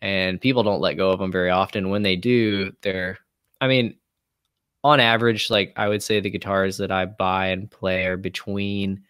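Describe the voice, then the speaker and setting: A man in his twenties, a guest musician, telling stories casually with animated, profane energy. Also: sits low, moderate pace, clean tone, dry recording, studio quality. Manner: animated, profane, mimics people in quotes. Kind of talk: casual storytelling chat.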